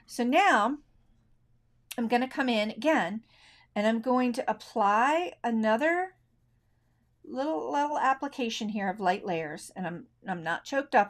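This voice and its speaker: A middle-aged woman teaching colored pencil technique on a live stream, talking in a relaxed, chatty way and thinking aloud as she works. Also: a little high. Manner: left-handed. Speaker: art instructor.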